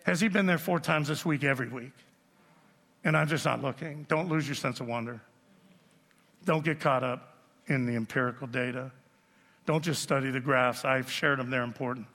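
A man in his sixties preaching a sermon as pastor, animated and joking with the congregation. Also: mid-range voice, normal speed, long pauses. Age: 60s. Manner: animated storytelling, jokes with the audience. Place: church auditorium. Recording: long reverb of a large hall.

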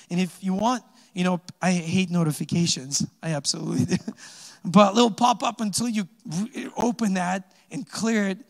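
A man's voice: high voice, vocal fry. A man giving a casual, chatty sermon, asking the congregation questions and joking between points. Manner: chatty, joking asides with laughs, rhetorical questions. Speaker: pastor. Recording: long hall reverb.

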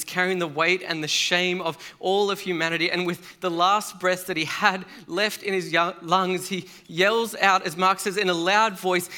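A man preaching a sermon in an earnest, measured way with dramatic pauses. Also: high voice, bright, forceful tone.

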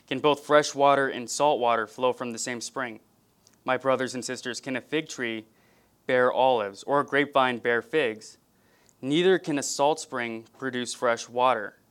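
Man preaching a measured, earnest sermon. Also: mid-range voice, steady tone, a bit bright, smooth. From California. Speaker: pastor.

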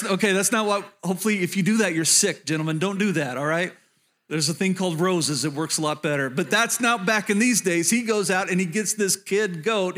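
A pastor with a notably high voice tells a Bible story from the pulpit. He speaks in an animated, conversational way and turns to address the congregation directly. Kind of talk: sermon retelling a Bible story.

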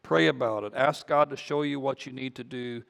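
A man's voice: medium pitch, normal speed, creaky, a bit bright. A man preaching a conversational sermon as pastor, often repeating words as he goes. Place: church sanctuary. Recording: long reverb of a church hall.

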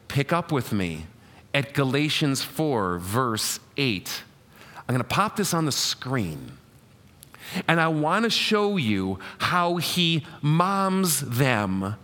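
A man preaching a sermon as pastor, animated and asking rhetorical questions to the congregation. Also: a little high, in a large hall.

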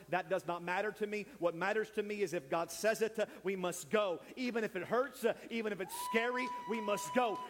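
A man preaching an impassioned sermon in church, building to shouts, and calling people forward. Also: high voice, big-room sound, slight background noise. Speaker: pastor. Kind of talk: sermon with altar call. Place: church sanctuary.

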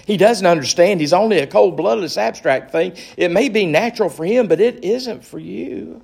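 A man voicing a wheedling male lizard that begs and stammers, in a gravelly voice. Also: high voice, moderate pace, darkish tone, pitched above the performer's own voice, full character voice. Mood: pleading. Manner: whiny, begging, stammering.

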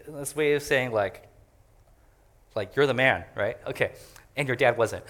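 A man's voice: medium pitch, moderate pace, pauses often, a bit bright. A man preaching a conversational sermon as a pastor, joking and chatty as he explains a passage. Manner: joking and chatty, laughs often.

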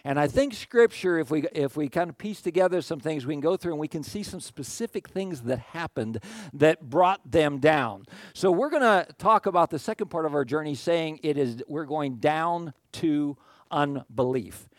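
A male pastor gives a conversational sermon, frequently checking in with his congregation and animatedly acting out what the crowd said. His voice sits a little high and moves at a normal pace, captured as clean studio audio with no echo.

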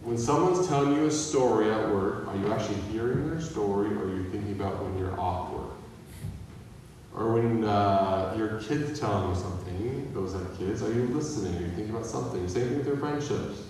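A man's voice: fairly low pitch, a little fast, a little mellow. A man preaches in an easy, conversational way and keeps asking his listeners questions. His voice comes from well back from the mic and rings through a long-echoing hall, with a faint hum of the room behind him. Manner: conversational, asks the audience questions. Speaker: pastor. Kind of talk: sermon. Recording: echoey hall from far off.

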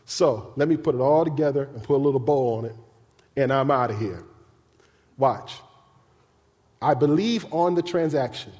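A male pastor preaching a sermon in a colloquial, animated way, acting out the voices of the people he talks about. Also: mid-range voice, normal speed, pauses often. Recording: long hall reverb.

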